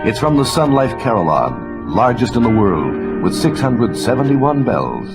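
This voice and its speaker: A man's voice: medium pitch, sing-song, unhurried, loud music behind the voice, poor audio. A man narrating a guided tour in an enthusiastic, scripted tour-guide manner.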